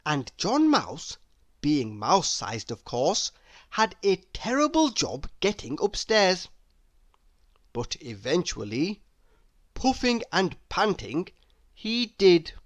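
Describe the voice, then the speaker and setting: A woman reading a children's storybook aloud in an expressive manner, now and then asking the listener questions. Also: fairly low pitch, takes it slowly, no echo. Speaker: storybook reader.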